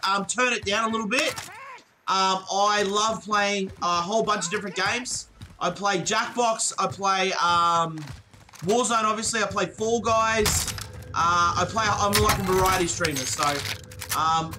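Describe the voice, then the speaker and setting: A young man with an Australian accent chats away while streaming a shooter, his voice pitched high and quick to burst out. He swears freely and thanks his viewers over and over. Game noise and clicking sit clearly under his voice. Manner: excitable, swears often, thanks viewers profusely. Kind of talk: live-streamed gameplay chat.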